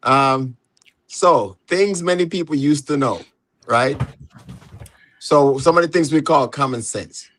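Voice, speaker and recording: A man's voice: a little high, a bit bright, slight background noise. Laid-back Jamaican man hosting. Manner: laid-back, peppered with "you know", quick to laugh. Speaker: host. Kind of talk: casual live panel chat.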